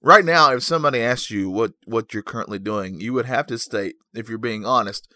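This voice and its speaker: A man's voice: mid-range voice, fairly quick, few pauses, bright, forceful tone, no room sound, clean studio sound. A man hosting a podcast in a casual, rambling chat, goofy and self-mocking, just awake. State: just woken up. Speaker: podcast host.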